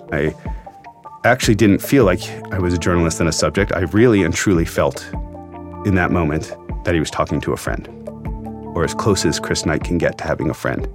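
Deep-voiced man recounting a story. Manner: earnest, emotional retelling with quoted dialogue. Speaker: journalist guest telling his story. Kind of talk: storytelling interview.

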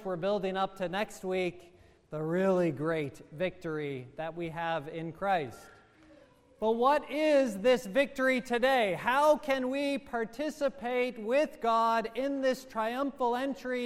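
High-voiced priest preaching in a reverberant church. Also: male voice, clean tone. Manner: measured, emphatic preaching with slowed stresses. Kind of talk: sermon.

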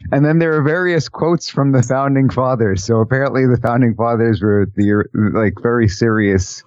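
A man's voice: medium pitch, normal speed, a little mellow, dry recording, highs cut off. A man on a political discussion panel, speaking wryly and holding back chuckles as he reads out a list. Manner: wry, chuckling while reading out a list. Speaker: panel guest.

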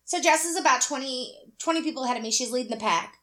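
A woman telling a story in casual chat, animated and profane, acting out what people said. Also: high voice, quick pace. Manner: animated, profane storyteller who acts out quotes. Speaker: podcast co-host.

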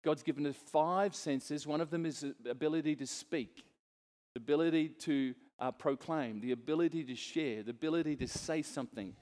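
A middle-aged pastor delivers his sermon, earnest and conversational, with a fairly high voice. He often turns to the congregation with asides. The sound rings with the long reverb of a church hall. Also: normal speed, darkish tone.

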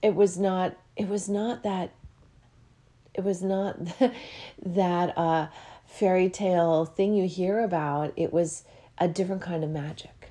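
A woman speaking to her listeners as a spiritual teacher, gentle and meandering, often moved and full of fillers. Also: on the low side, steady tone, takes it slowly. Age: adult with a child. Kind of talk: heartfelt solo talk to listeners.

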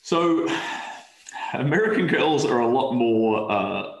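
Australian guy as a podcast guest, frank and loose, average pitch, echoey room. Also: lively intonation, takes it slowly. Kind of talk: casual interview chat. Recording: roomy echo.

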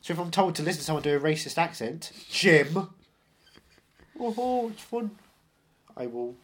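A man's voice: on the high side, fast, fairly bright tone, slight background noise. A man co-hosting a podcast, chatting about films in a dry, sarcastic, joking way. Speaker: podcast co-host. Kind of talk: casual film chat.

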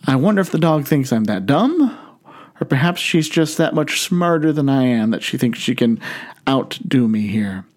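A male pastor preaching a sermon in a storytelling manner, slowing down and stretching words for emphasis. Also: mid-range voice, big pitch swings, a little mellow.

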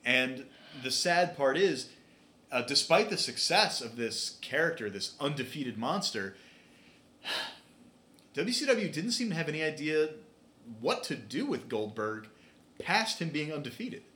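A man hosting a podcast in a casual chat, telling stories in an animated way with lots of fillers like "uh" and "you know.". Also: on the high side, unhurried. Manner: animated storyteller with frequent fillers. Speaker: podcast host. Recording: roomy echoey sound.

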